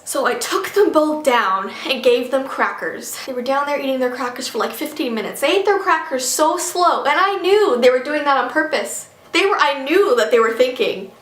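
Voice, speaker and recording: A woman vlogger telling an animated story, chatty and full of "like", acting out the dialogue. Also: high-pitched, moderate pace, hardly any pauses, roomy sound. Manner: chatty, acts out dialogue, many "like"s.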